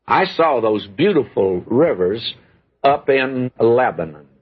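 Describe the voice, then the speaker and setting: A man's voice: medium pitch, lively intonation, takes it slowly, slightly rough. An older man preaching a sermon in a folksy, earnest way, often calling his listeners friend. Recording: dull lo-fi sermon recording.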